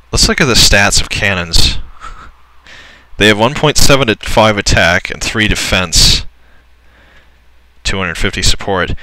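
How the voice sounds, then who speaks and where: A young man casually commentating a strategy game, excitable and swearing, often laughing in disbelief. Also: deep voice, rough recording. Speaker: gameplay commentator. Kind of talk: casual let's-play commentary.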